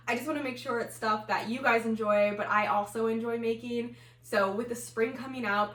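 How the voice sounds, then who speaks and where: A woman's voice: medium pitch, fairly bright tone. Chatty woman vlogging in a roomy space. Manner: chatty, lots of "like" fillers. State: a bit winded. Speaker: plant and knitting vlogger. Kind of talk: casual chat to camera. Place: home room. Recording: roomy echo, mic at a distance.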